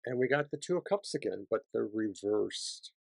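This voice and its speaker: A man giving a weekly tarot reading sign by sign, chatty, swinging from hushed to excited. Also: lowish voice, moderate pace, vocal fry, no echo. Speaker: tarot reader.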